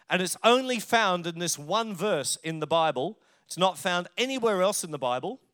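A middle-aged Australian pastor preaches a conversational sermon, spinning stories and slipping in jokes as he goes. His voice sits high with a slightly bright tone, and his manner is chatty.

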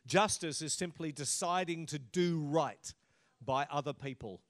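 Middle-aged guy pastor preaching, chatty and jokey, kinda high voice. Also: measured pace. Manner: conversational and humorous preaching. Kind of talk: sermon.

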